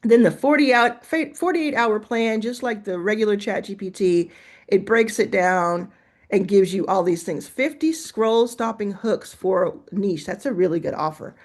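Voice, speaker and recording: A woman's voice: mid-range voice, moderate pace. A woman hosting a casual screen-share tutorial, chatting and reacting as she goes, laughing to herself while she types and reads aloud. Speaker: host.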